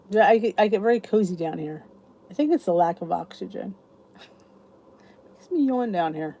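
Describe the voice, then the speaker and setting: Mellow-voiced woman chatting live with viewers. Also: mid-range voice, expressive, moderate pace, pauses often. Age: middle-aged. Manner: chatty, greets and answers viewers by name. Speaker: host of a live weight loss chat. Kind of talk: casual livestream chat. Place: cozy room downstairs at home.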